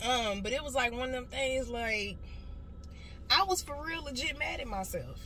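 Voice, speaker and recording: A woman's voice: a little high, unhurried, low-quality recording. A woman in her late twenties, a motivational speaker, telling a blunt and profane story in a casual car vlog. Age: late 20s. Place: inside a car. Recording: loud car noise behind. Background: car noise.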